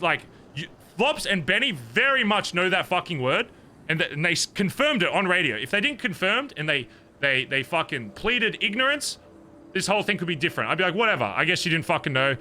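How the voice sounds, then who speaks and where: Animated, bright-voiced man venting in character. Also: fairly high pitch, a little hiss or hum. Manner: heated, profane venting, animated retelling. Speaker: streamer in character. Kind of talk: in-character roleplay conversation.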